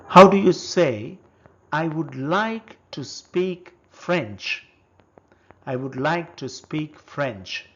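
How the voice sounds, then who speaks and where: Very slow, deliberate male language teacher. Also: medium pitch, lively intonation. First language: Telugu. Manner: says each new word loudly and then repeats it. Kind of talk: slow step-by-step language lesson. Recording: dull lo-fi recording.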